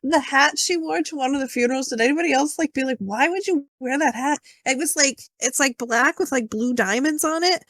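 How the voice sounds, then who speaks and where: A woman's voice: high voice, brisk, few pauses, a bit bright, no room sound. A woman co-hosting a podcast in casual chat, giving wry commentary on a movie. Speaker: podcast co-host.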